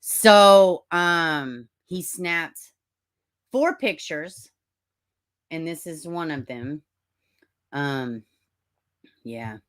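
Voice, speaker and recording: A woman's voice: low voice, expressive, drawn-out words, pauses often, fairly bright tone, clean tone. A woman from Middle Tennessee with a Southern accent, chatting casually on a livestream, greeting viewers as honey and baby and reading their comments. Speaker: true-crime livestream host.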